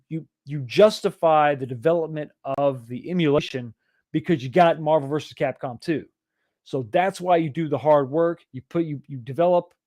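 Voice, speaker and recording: A man's voice: fairly high pitch, darkish tone. A man hosting a casual livestream, rambling and restarting his sentences as he talks. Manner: rambling, repeats words and restarts often. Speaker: livestream host.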